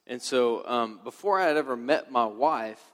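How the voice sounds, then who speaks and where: A man's voice: mid-range voice, animated, normal speed, a bit bright. Casual man in an echoey hall. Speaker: husband sharing testimony. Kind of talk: personal faith testimony. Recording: echoey hall sound, from a distance.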